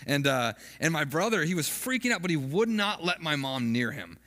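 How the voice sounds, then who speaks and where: A pastor delivers a sermon in an earnest, conversational way, often stumbling and restarting his phrases. His voice sits a little high and moves lively up and down. The sound trails off in the long reverb of a church hall. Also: moderate pace.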